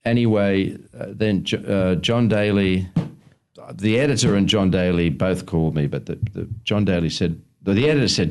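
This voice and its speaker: Low gravelly guy, film director, rambling anecdotes on a podcast. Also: moderate pace, slight background noise. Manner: rambling anecdotal storytelling, chuckling. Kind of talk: casual podcast interview.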